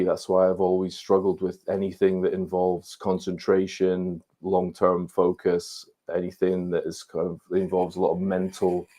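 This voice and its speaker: Brief: man, 50s, interview guest, deep and level delivery, candid and reflective. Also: level tone, a little slow, hardly any pauses, darkish tone. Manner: candid, reflective personal account. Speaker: ADHD coach, podcast guest. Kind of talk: interview conversation.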